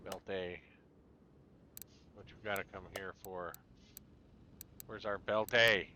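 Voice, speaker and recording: A man's voice: low voice, flat delivery, slow, background noise. A middle-aged man streaming a game, explaining engine repair to viewers in a chatty, knowing way. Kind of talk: casual gameplay commentary.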